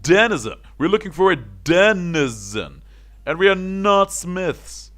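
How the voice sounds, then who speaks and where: A man voicing a bossy city guard who shouts in exasperation while reading game dialogue. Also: medium pitch, big pitch swings, normal speed, voice pushed up. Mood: exasperated. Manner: yelling, exasperated.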